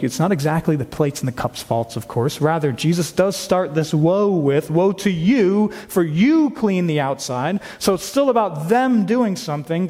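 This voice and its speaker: A man's voice: fairly high pitch, a little mellow. A male pastor preaching a sermon, earnest and emphatic, asking rhetorical questions as he explains a passage. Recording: long hall reverb.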